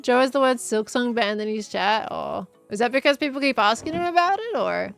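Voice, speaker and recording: An Australian woman streamer rambling in casual chat while she plays a game, chatty and quick to giggle. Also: on the high side, lively intonation, vocal fry, fairly bright tone, soft background music.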